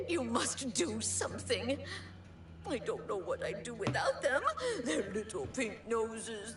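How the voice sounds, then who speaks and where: A woman's voice: sits high, recorded from a distance, heavily acted. An actress playing a fretful woman in a video game who dotes on her pet rats, in a melodramatic, anxious manner. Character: fretful middle-aged woman fussing over pet rats. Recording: roomy game audio with music.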